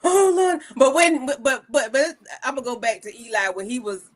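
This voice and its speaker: A woman co-hosting a casual TV recap chat, animated and slangy, laughing through her asides. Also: sits high, moderate pace. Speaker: co-host.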